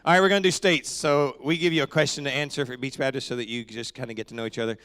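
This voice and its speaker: A man's voice: medium pitch, fairly even intonation, very fast, a bit bright, clean tone. Joking, chatty pastor man. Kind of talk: casual church service welcome. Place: church sanctuary.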